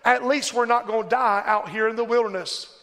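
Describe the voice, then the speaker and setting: Man preaching, very high voice, impassioned, rhythmic call-and-response, big echoing church. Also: steady tone, brisk, vocal fry, fairly bright tone. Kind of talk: sermon.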